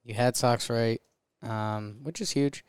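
A man's voice: mid-range voice, fairly even intonation, takes it slowly, clean tone, no echo, studio quality. A man co-hosting a casual sports podcast, talking players with upbeat enthusiasm. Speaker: podcast co-host.

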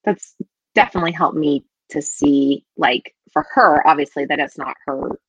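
A woman in her thirties co-hosting a casual chat, animated and laughing often, with frequent filler words. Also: low-pitched, moderate pace, husky, no echo, rough recording. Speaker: podcast co-host.

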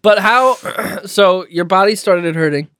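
A man's voice: high voice, takes it slowly. A man in his twenties co-hosting a podcast, playful and teasing in casual chat. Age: 20s. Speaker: podcast co-host.

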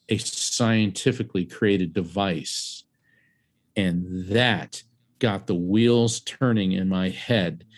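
A middle-aged man from Central Florida, a psychic medium and author, telling a vivid story as an interview guest and acting out the voices of the people in it. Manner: animated storyteller, acts out voices and raises his pitch sharply.

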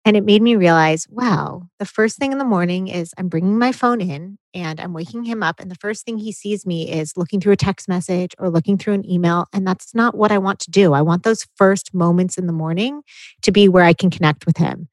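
A woman in her thirties with a somewhat low voice talks earnestly and reflectively as a podcast co-host. The recording is close and dry, with no room sound. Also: a little fast, no echo, low-quality recording. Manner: earnest, reflective, speaks of parenting. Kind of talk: casual podcast chat.

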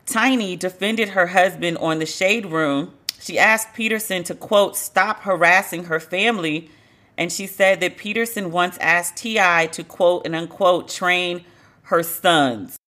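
A woman's voice: lowish voice, a little slow. A woman hosting a solo podcast, talking bluntly and sarcastically with plenty of cussing. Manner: blunt, sarcastic, animated, cusses freely. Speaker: podcast host. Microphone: studio podcast microphone.

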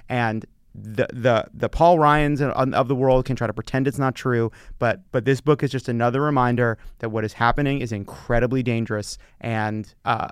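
A man's voice: mid-range voice, smooth, no room sound, clean studio sound. A man co-hosting a casual political chat podcast, exasperated and emphatic. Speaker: podcast co-host.

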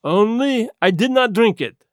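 Guy putting on a calm fussy little detective, higher voice, slow and careful, dry sound. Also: no room sound. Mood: placid. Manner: gentle, precise, deliberate. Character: small, precise, placid male detective.

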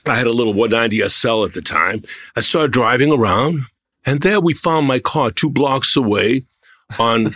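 Animated older man telling stories. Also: mid-range voice, no echo, clean studio sound. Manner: animated, talks in long flowing anecdotes. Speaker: guest. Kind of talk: anecdotal storytelling.

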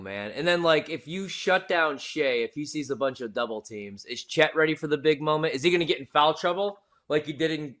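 A man's voice: on the high side, fairly bright tone. Opinionated man in casual sports chat. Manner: opinionated, emphatic, laid-back slang. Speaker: sports betting show co-host.

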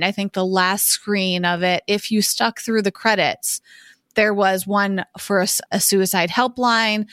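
A woman co-hosting a podcast, talking in a measured, thoughtful way in casual conversation. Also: medium pitch, a bit bright, smooth, dry recording, clean studio sound. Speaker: podcast co-host.

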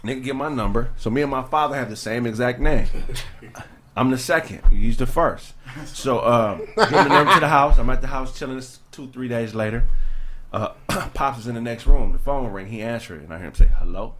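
A man's voice: mid-range voice, brisk, crowd noise. A young man from Los Angeles telling a story in casual chat, acting out voices and laughing often. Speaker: podcast host telling a story.

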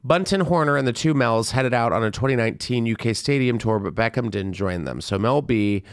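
A man hosting a casual podcast, gossiping in an animated way. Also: mid-range voice, brisk, smooth. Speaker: podcast host. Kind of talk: casual chat.

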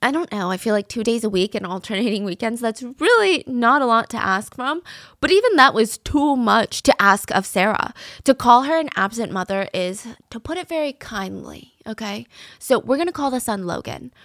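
A woman's voice: on the high side, lively intonation, moderate pace, a bit bright, no echo, studio quality. A young adult woman hosting a true crime podcast, telling the story in a chatty, conversational way with casual asides. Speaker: podcast host.

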